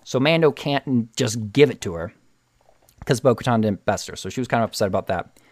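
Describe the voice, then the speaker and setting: A man casually retelling a TV episode with excitement, often restarting and repeating words. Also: medium pitch, fairly quick, no echo. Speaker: show recap host.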